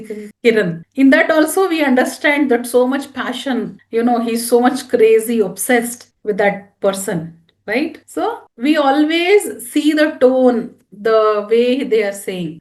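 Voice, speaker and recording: A woman's voice: on the high side, a little mellow. A woman career trainer giving a classroom training talk and asking her audience frequent questions. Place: room with a live audience. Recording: echoey room.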